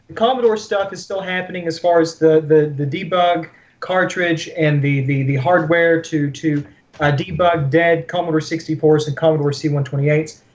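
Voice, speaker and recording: A man co-hosting a podcast over a video call, joking in a deadpan way. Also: fairly high pitch, lo-fi sound. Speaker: podcast co-host. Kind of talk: joking casual chat.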